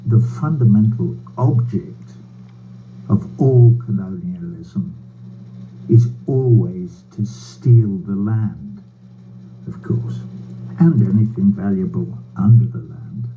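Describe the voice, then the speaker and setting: An older man giving a prepared, sardonic political speech over a video call, slow and bitter, with wry laughs and swearing. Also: on the low side, faint music behind. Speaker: speaker addressing a rally by video. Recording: tinny phone-like line with faint hum.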